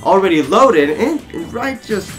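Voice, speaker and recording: A man's voice: sits high, big pitch swings, unhurried. A young man casually joking while playing a video game, breaking into snatches of song. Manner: joking, sings snatches of songs. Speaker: gameplay commentator. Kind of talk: casual gameplay chat. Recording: game music loud behind.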